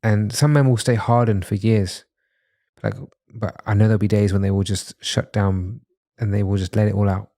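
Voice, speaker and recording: A man's voice: lowish voice, steady tone, moderate pace, warm tone. A man from London, a masculinity coach talking as a podcast guest in an earnest, reassuring, reflective way. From London, England. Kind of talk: casual podcast conversation.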